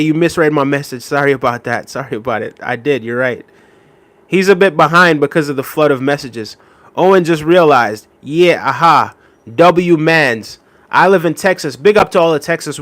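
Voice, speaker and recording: A man hosting a livestream, reading viewer comments aloud with shout-outs and quick apologies, relaxed and repetitive, with many fillers. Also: a little high. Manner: relaxed, repeats phrases, frequent fillers. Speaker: livestream host. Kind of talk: casual livestream chat.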